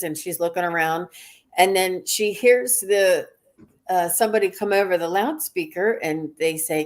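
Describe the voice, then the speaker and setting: A middle-aged woman guest tells a personal story in a relaxed, conversational way. Her voice sits a bit low, and she often pauses, says um, and restarts her sentences. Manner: chatty, many fillers and restarts. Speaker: guest psychic. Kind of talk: casual storytelling on a live stream.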